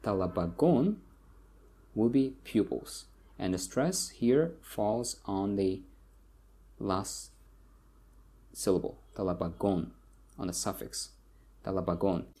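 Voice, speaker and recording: Man with a Tajik accent, low mellow voice, slightly husky, patient teacher repeating words. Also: lively intonation. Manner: slow, repeats words for learners. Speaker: language teacher. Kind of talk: explaining pronunciation lesson.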